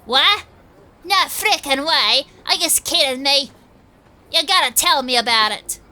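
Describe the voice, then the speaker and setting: Nasal know-it-all male nerd in a game, read by an Australian woman; bright, higher voice. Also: lively intonation, measured pace, heavily acted. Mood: excited. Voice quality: nasal, scrunched-face voice. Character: nasal young male comic-book nerd, smug.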